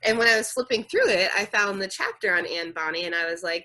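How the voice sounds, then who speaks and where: A woman with a bright, clear-toned voice, chatting on a podcast. She rambles playfully between topics and laughs often. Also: medium pitch, quick pace, poor audio. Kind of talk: casual chat.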